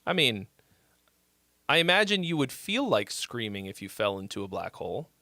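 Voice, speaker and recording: A man's voice: mid-range voice, sing-song, moderate pace, vocal fry, sharp tone, dry recording. A man from Massachusetts hosting a livestream, giving song feedback in a rambling, chatty way and laughing easily. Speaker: host reviewing listener songs. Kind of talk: casual livestream commentary.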